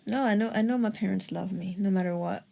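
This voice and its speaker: Woman with a creaky voice, casual chat. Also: medium pitch, fast talker. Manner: relaxed storytelling, giggly. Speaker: podcast co-host.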